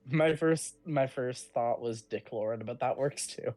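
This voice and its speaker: A man's voice: medium pitch, slow, crowd noise. A man player in a tabletop game, chuckling and giving short replies.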